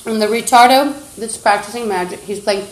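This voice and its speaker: A woman's voice: a little high, fairly quick, roomy sound, rough recording. A woman livestreaming, ranting in an agitated, insulting, accusatory way into a phone. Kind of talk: rambling livestream rant.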